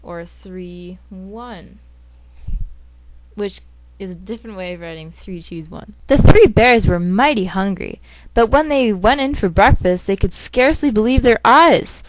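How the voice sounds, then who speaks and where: A woman reading a fairy tale aloud and breaking in with math explanations, steady, with livelier story beats. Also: mid-range voice, unhurried, no room sound.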